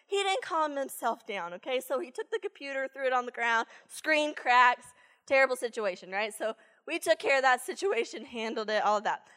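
High-voiced woman telling a sermon story. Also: moderate pace, in a large hall. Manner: animated, chatty, many "like"s. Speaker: church speaker, former teacher.

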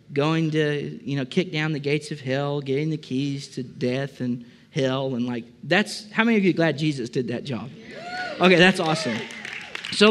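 Male pastor, fairly high voice, chatty sermon full of jokes and questions to the room. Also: a bit bright. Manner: chatty, joking, asks the congregation questions. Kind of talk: conversational sermon. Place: church service before a congregation.

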